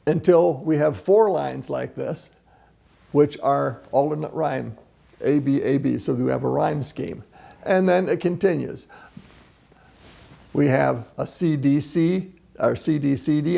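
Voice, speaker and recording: A man lecturing on poetry with a very gravelly, husky voice and a dark, mellow tone. He explains things step by step and chants rhythms out loud to show them. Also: on the high side. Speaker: presenter.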